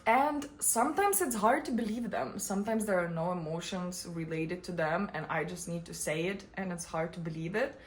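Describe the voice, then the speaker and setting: A young adult woman vlogger and coach giving casual, expressive personal talk to the camera, often breaking into laughter. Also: lowish voice, normal speed, few pauses.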